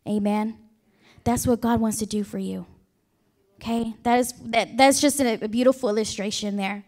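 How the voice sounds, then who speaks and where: A woman's voice: a little high, fairly even intonation, normal speed, a little mellow. Chatty woman pastor preaching, drawl. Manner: chatty, joking asides, call-and-response questions to the congregation. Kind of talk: sermon. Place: church sanctuary.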